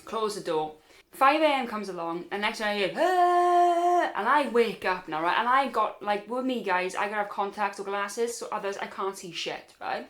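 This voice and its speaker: A woman's voice: medium pitch, normal speed, pushed and bright. A young Welsh woman telling a storytime vlog, chatty and rambling, her voice sitting in a middling range. She keeps turning to her viewers as guys, restarting sentences as she goes. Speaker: vlogger. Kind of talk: casual storytime.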